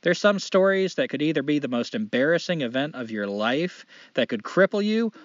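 A man hosting a casual chat, lively and laughing often as he tells a joke. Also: fairly high pitch, moderate pace, dry recording. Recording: dry, dull sound.

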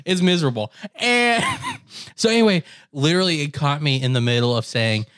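Guy with a high voice telling a story, super animated, laughs a lot, dry close sound. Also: normal speed, clean tone, no echo. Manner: animated, acts out quotes, laughs often. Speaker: storyteller in casual chat. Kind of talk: casual chat.

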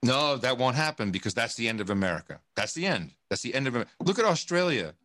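A man's voice: mid-range voice, very animated, quick pace, a bit bright, no echo. Rambling, profane man in a dry room. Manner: profane, rambling and emphatic, with many restarts. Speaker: podcast guest. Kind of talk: casual conversation.

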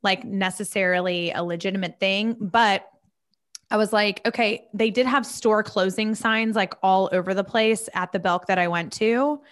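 A woman co-hosting a podcast in an easy, chatty way. Her pitch sits in the middle range, and she playfully stretches words out for emphasis as she tells her stories. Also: steady tone, normal speed. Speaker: podcast co-host. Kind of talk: casual chat.

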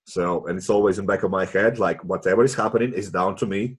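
Casting: low husky male guest, non-native English speaker, earnest, halting delivery. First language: not English. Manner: earnest, halting, restarts phrases. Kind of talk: casual chat.

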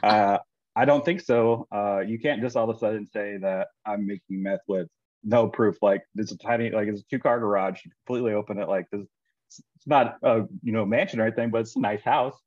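A man casually telling a long personal story, animated and acting out what others said. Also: fairly low pitch, a little fast, dry recording, highs cut off. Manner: animated, quotes people in his own voice.

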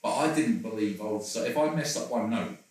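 Man, interview guest, rambling and self-deprecating, somewhat low voice, distant mic in a roomy space. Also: lively intonation, a little fast, a little mellow. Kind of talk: candid personal conversation.

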